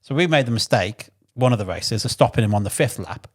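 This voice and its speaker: English man, casual podcast storytelling, middle pitch, swears freely, animated anecdotes. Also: fairly quick.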